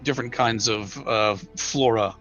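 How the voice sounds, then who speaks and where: A man running a tabletop game, narrating slowly with a bright edge. He pauses often and fills the gaps with "um" and "uh". Faint music plays underneath. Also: mid-range voice, steady tone, muffled recording. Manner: slow, halting narration with many fillers. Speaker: game master.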